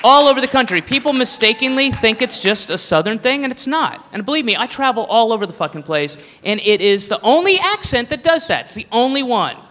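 A man's voice: very high voice, very animated, brisk, few pauses, bright, forceful tone. A man doing a stand-up comedy routine, rambling and profane, with laughing asides. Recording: live room with long reverb.

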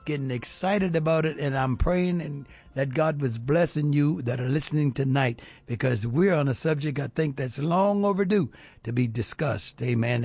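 A man's voice: medium pitch, gravelly, darkish tone, slightly rough, no echo. A man hosting a Christian radio talk show as a pastor, speaking with a fervent preaching cadence and repeating phrases for emphasis.

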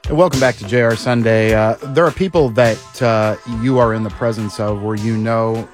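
A man's voice: fairly low pitch, fairly even intonation, normal speed, faint music behind. A man hosting a talk radio show, admiringly introducing a guest with frequent fillers. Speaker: radio host.

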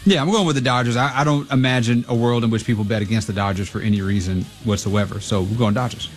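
A man's voice: mid-range voice, quick pace, soft background music. Easygoing male sports radio guest. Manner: easygoing and agreeable. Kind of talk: casual sports chat.

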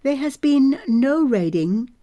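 A woman voicing a captured male frontier soldier who answers in flat, terse, guarded replies. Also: high-pitched, slow, pitched above the performer's own voice.

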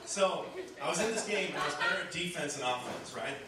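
A man's voice: fairly high pitch, expressive, a little fast. A man doing a stand-up comedy set, telling a self-mocking story and acting out the voices in it. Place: bar comedy stage. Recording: noisy, echoey club recording from a distance.

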